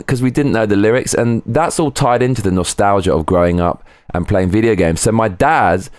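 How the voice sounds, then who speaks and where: Man, live streamer, casual rambling chat, swears often, lowish voice, dry sound. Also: a little mellow, no room sound. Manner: rambling, swearing, breaks into sung snatches.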